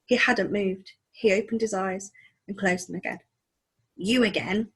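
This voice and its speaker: A woman teacher reading a chapter book aloud to children, expressive and engaging. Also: mid-range voice, moderate pace, husky. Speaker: primary school teacher.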